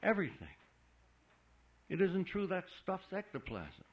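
A man's voice: high voice, wildly swooping pitch, measured pace, highs cut off, voice pushed up, heavily acted. A man voicing a blunt, skeptical man who speaks curtly and insistently. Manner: curt, insistent.

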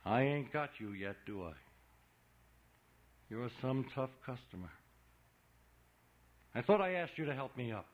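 A man's voice: medium pitch, expressive, a little slow, long pauses, voice pushed up. A man reading an audiobook, voicing a big, blustering small-town man who scolds a boy in folksy, ungrammatical talk. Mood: gruff. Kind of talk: audiobook character voice. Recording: dull lo-fi recording.

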